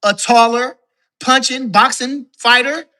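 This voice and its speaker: A man with a bright, forceful voice rants about boxing as a call-in guest. He swears freely and keeps repeating his points for emphasis. He sounds loose and heated. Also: extremely high pitch, fairly even intonation, a little slow. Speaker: guest caller, boxing commentator. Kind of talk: casual boxing talk rant.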